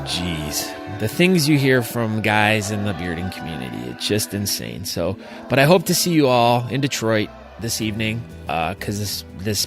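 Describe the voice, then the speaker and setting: A male podcast host, teasing the guest and wrapping up in wry casual talk. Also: on the low side. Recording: music playing underneath.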